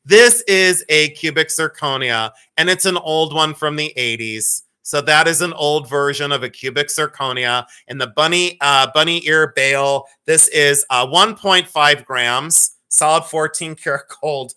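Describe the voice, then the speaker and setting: Bright, playful man hosting a jewelry sale. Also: fairly high pitch, unhurried, few pauses, clear, resonant tone. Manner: playful, joking, laughs often, teasing; rambling, chatty, greets viewers by name. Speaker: host of a live jewelry sale. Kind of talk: casual live-stream selling chat.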